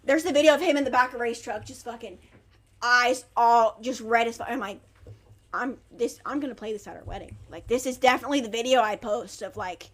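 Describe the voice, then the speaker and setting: A woman's voice: a little high, a little fast. A woman in her twenties, a podcast host, telling a rowdy story with lots of swearing. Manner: profane, rowdy, laughing. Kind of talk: loud casual storytelling.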